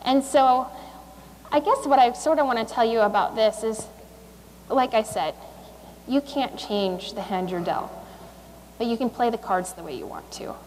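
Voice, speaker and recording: Woman, 30s, motivational school speech, slightly high voice, conversational with fillers. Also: normal speed, pauses often, a little mellow, big-room sound, a little hiss or hum, rough recording. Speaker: guest speaker, Olympic speed skater. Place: school assembly.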